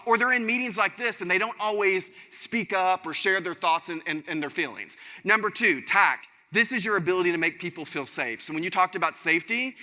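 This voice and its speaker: A man giving an energetic keynote speech on a conference stage, talking straight to his audience. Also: high-pitched. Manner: animated, addresses audience directly as y'all. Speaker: keynote speaker. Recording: large hall reverb.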